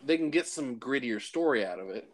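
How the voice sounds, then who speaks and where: A man's voice: medium pitch, lively intonation, brisk, crowd noise. A man co-hosting a casual podcast, easily bringing up news items with ums and uhs. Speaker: podcast co-host. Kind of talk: casual chat.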